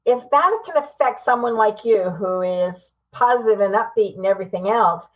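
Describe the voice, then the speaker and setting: A woman host leans into long, reflective questions for her guest. Her voice sits at an ordinary pitch for a woman and comes through a dull, lo-fi line. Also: animated, moderate pace. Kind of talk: interview conversation.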